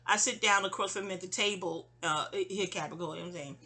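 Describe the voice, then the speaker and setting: A middle-aged New York woman, a vlogger, tells a memoir story from her own life in a rambling, digressive monologue full of fillers and restarts. Her voice sits on the low side and is sharp in tone, moving at a quick pace.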